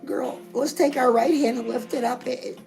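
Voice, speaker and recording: Woman host, middle-aged, high and gravelly, gushing chatter aimed at her girls. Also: steady tone, moderate pace, a little mellow, soft background music, poor audio. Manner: gushing, chatty, keeps calling the viewer girl. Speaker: fitness and lifestyle show host. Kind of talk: comedic character monologue.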